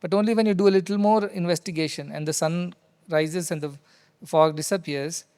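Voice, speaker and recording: A man's voice: fairly high pitch, fairly quick, clear, resonant tone. A male spiritual teacher, telling a story in a discourse to devotees in a hall. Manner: animated storyteller who repeats key phrases. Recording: reverberant hall sound.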